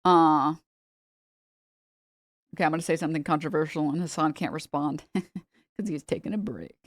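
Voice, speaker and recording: A woman's voice: sits low, normal speed, no echo, studio quality. A woman streamer in casual chat, joking and teasing, laughing often.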